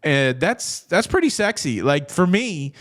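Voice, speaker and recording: A man's voice: on the high side, big pitch swings, measured pace, fairly bright tone. A middle-aged man hosting a casual cruise news show, chatting in a rambling way with jokey asides and frequent restarts. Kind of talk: casual commentary.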